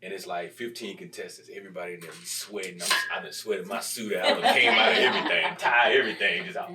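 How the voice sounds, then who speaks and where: A man's voice: low-pitched, fast talker, hardly any pauses, far from the mic, a crowd in the background. A male comedian telling a story from his career in casual talk, acting out the people in it. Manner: animated, acts out voices in his stories. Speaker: comedian guest.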